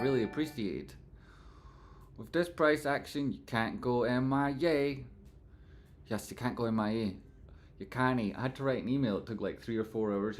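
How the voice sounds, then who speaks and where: Chatty man hosting a live stream. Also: fairly low pitch. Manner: chatty, reads out and thanks chat viewers; playful, breaks into sung silly phrases. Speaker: livestream host. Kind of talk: casual live stream chat.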